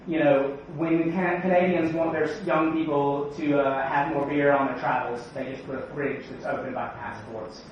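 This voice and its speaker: A man giving a joking, energetic conference talk and quizzing the audience. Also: fairly high pitch, moderate pace, hardly any pauses, slight background noise. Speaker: conference speaker. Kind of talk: keynote talk. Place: large conference hall. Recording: echoey hall, distant, dull sound.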